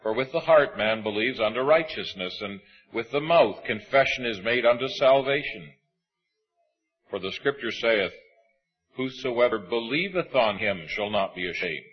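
A man delivers a sermon, reading scripture in a husky, measured voice. He slows down to lean on the words he wants to stress. The recording sounds slightly dull and lo-fi. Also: medium pitch, lively intonation, soft background music. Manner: measured, emphatic preaching with slow stresses. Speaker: preacher.

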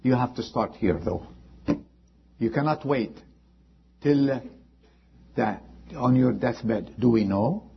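A man preaching a sermon as pastor, impassioned, rising high and then dropping to a hush. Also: slow, vocal fry, pauses often, breathy edge, lo-fi sound. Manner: impassioned preaching with sudden drops to quiet.

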